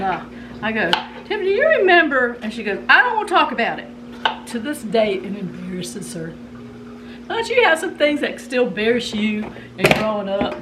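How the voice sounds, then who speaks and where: A woman's voice: medium pitch, far from the mic, heavy background noise. A middle-aged woman, chatting folksily with viewers and telling a family story while she cooks. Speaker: vlogger. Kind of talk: casual storytelling while cooking. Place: home kitchen.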